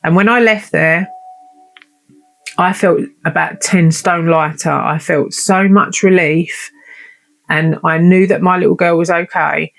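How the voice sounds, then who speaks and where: A woman's voice: on the low side, fairly even intonation, a little slow, gravelly. A woman hosting her own show, telling a personal story in a heartfelt, emotional and chatty way. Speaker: podcast host.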